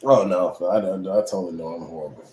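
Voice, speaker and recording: A man's voice: low voice, quick pace, dark tone. A man who is a music producer, co-hosting a podcast in casual chat and laughing at himself. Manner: laughing, self-mocking.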